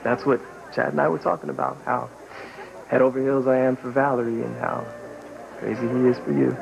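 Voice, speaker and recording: An actor playing a smooth-talking, persuasive young man who talks easily about love in a soap opera scene. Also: mid-range voice, flat delivery, fairly quick, muffled recording, music in the background. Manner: easygoing and persuasive, laughing. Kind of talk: daytime soap opera acting.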